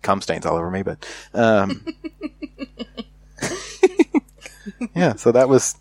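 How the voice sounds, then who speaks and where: Low-voiced man telling stories, rambling. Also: wildly swooping pitch, extremely slow. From United States. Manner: rambling, with frequent fillers and restarts. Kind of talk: candid casual storytelling.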